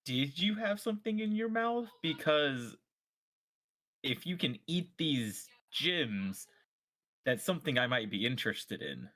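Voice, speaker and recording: A man's voice: on the high side, expressive, fairly bright tone. A man playing a tabletop game who speaks for his character in a hesitant way. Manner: slow, hesitant, plays his character in first person. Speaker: player.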